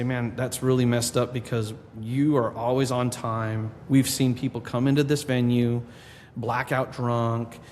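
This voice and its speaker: Guy on a podcast telling a story, plays out the back and forth, mid pitch, roomy reverb. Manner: animated storyteller, quotes people in his own voice. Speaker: podcast guest, drummer. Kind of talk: casual storytelling interview. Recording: long reverb with faint background noise.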